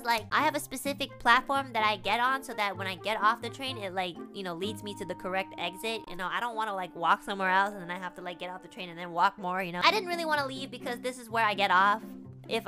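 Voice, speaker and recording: A young woman streamer telling a story in casual chat, lively and full of "like" fillers. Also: mid-range voice, fast. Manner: animated, with many "like" fillers and laughs. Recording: background music.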